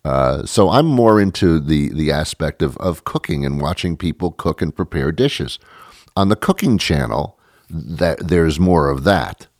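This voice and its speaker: A man's voice: very deep voice, lively intonation, measured pace, darkish tone, no room sound, studio quality. A man hosting a podcast, talking in a rambling, sarcastic comedic monologue that often stops and restarts. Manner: rambling, self-interrupting, sarcastic. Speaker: podcast host.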